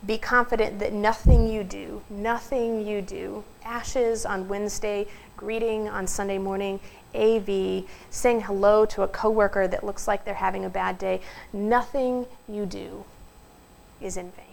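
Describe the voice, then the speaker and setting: A woman pastor preaching a sermon, telling stories in an earnest way and slowing down for emphasis. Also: medium pitch, little pitch movement, vocal fry, darkish tone, slight background noise, rough recording. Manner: storytelling, earnest, slows for emphasis.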